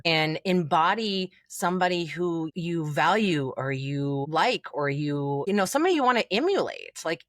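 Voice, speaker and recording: A woman coach speaking in a podcast interview, talking freely and acting out inner voices with big jumps in pitch. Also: a bit bright, no room sound, clean studio sound. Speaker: confidence coach guest.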